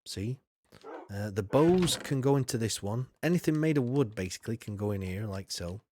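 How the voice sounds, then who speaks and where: A man's voice: fairly low pitch, lively intonation, moderate pace, a little mellow, a little hiss or hum. A man streaming a game live, chatting loosely with viewers, greeting them by name and filling his talk with ums and you-knows. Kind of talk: live gameplay commentary.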